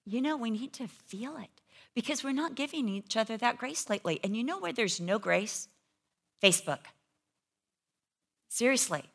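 A middle-aged woman, a pastor's wife, preaching a sermon and telling a personal story with animated energy. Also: fairly high pitch, normal speed, vocal fry, long pauses. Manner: animated storytelling, acts out her own panicked voice.

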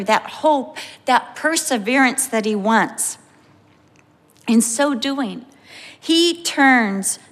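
Woman preacher, middle-aged, animated storyteller; high voice, reverberant hall. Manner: animated storytelling, acting out quotes. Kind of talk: sermon with personal story.

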